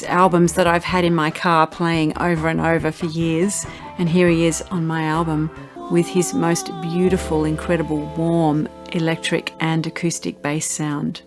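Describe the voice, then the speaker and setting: Singer lady, lowish voice, telling her story all heartfelt, faint music behind. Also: flat delivery, unhurried. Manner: earnest, grateful, heartfelt storytelling. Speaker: singer-songwriter. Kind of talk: reflective promo narration.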